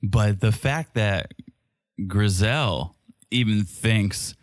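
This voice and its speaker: A man's voice: lowish voice, animated, normal speed, no echo, clean studio sound. A man co-hosting a podcast, recapping a reality show with wry, sarcastic commentary. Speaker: podcast co-host. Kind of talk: casual recap chat.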